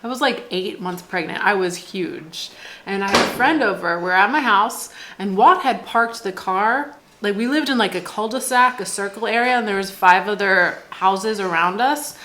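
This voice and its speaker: A woman's voice: mid-range voice, moderate pace, pushed and bright. Casual american lady vlogging at home, lots of "like" and little laughs, faint room hum behind. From United States. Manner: chatty, laughs often, says "like" a lot. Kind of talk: casual vlog storytelling.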